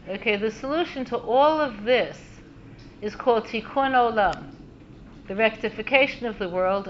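A woman teaching a Torah lesson as an animated storyteller who pauses for frequent asides. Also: a little high, lo-fi sound, a little hiss or hum.

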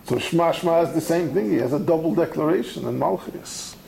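A man teaches a Talmud study lecture, animated and conversational, acting out the texts he quotes. His voice is fairly high with vocal fry and a brisk pace, on a rough recording.

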